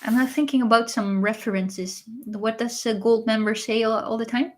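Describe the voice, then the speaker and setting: A woman, hosting a casual livestream and answering viewers in a chatty way, often pausing with uh and um. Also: on the high side, steady tone. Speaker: livestream host reading viewer messages.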